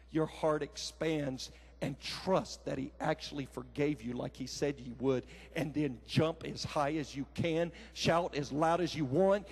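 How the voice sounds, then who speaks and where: High-voiced preacher telling stories. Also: male voice, vocal fry, breathy edge. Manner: animated, folksy storytelling with shouted quotes. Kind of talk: sermon with personal story. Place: large conference hall.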